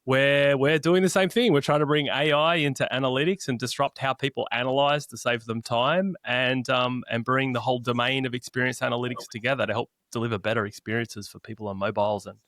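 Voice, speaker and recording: A man's voice: mid-range voice, steady tone, brisk, hardly any pauses, a bit bright, dry recording. An Australian man in his forties, chatting as a guest on a podcast with easy, self-deprecating asides. His voice sits in a middle register for a man. The sound is dry and close to the mic. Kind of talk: casual podcast interview. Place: home podcast setup.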